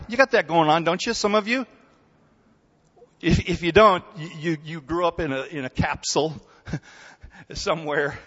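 A man preaching a sermon in a relaxed, conversational way, telling stories and often checking in with his listeners. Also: a little high, normal speed, long pauses. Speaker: pastor. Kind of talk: sermon with storytelling. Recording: dull recording in a hall with long reverb.

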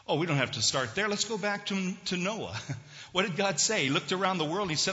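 Guy preaching in a church, bright tense voice, keeps asking the crowd stuff, dull echoey recording. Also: medium pitch, lively intonation, brisk. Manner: conversational, questions the congregation. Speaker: pastor. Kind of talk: sermon. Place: church sanctuary. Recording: dull lo-fi recording in a reverberant hall.

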